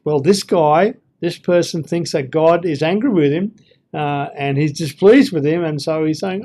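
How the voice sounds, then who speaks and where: Guy w a slightly high voice doing a laid back bible lesson, lots of ums, reads verses with feeling. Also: moderate pace, warm tone. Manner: conversational, thinks aloud with fillers, reads verses aloud expressively. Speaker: Bible teacher. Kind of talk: informal Bible teaching.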